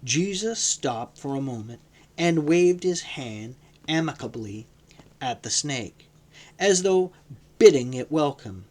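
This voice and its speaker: A man reading a novel aloud in a measured, dramatic narration. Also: medium pitch, lively intonation, a little mellow. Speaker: audiobook reader. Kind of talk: scripted narration.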